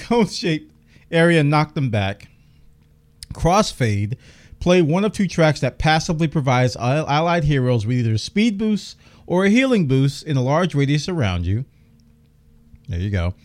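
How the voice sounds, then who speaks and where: Lively man hosting gaming news. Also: medium pitch. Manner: enthusiastic, chatty, reads out game details. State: losing his voice, coughing. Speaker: gaming news podcast host. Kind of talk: casual news commentary.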